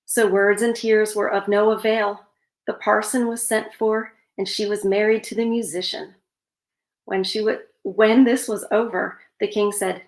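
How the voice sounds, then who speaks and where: In a room with noticeable echo, a woman reads a fairytale and drops sarcastic remarks between passages. She speaks at medium pitch in a level tone and a measured pace.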